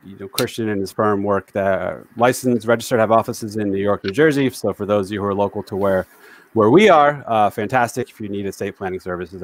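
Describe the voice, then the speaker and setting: A man hosting a casual live-streamed chat over a video call, friendly and jokey, fond of dad jokes. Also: on the low side. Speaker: host.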